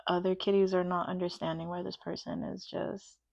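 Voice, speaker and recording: A woman's voice: on the low side, level tone, a little fast, creaky, darkish tone, no room sound, highs cut off. A woman giving a pick-a-card tarot reading, gushing and emotional and full of "like" fillers. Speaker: tarot reader.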